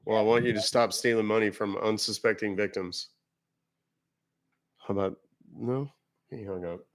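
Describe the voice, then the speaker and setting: A man's voice: on the low side, a little slow, long pauses. A man hosting a live scam-baiting stream, chatting casually and teasing callers. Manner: playful, sarcastic. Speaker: scam-baiting livestream host.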